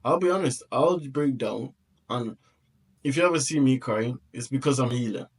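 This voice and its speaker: A man's voice: mid-range voice, moderate pace, breathy edge. Heartfelt man reacting to a clip. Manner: heartfelt, repeats himself, restarts often. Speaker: reaction video host. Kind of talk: reflective reaction commentary.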